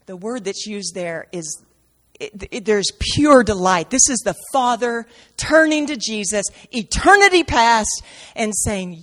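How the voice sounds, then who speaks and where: A woman preaching a sermon with great drama, dropping to near-whispers and rising to shouts. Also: mid-range voice, animated, slow, long reverb tail. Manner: dramatic, swings from soft to shouting, acts out quotes.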